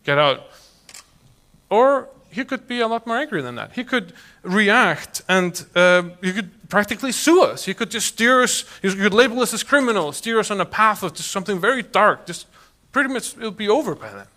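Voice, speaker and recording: A man in his thirties tells a personal story before an audience. His voice sits high and bright, and it rises and falls a great deal. He drops into other people's voices as he goes. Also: fairly quick. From Iceland. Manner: animated, acts out quoted voices. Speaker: public speaker.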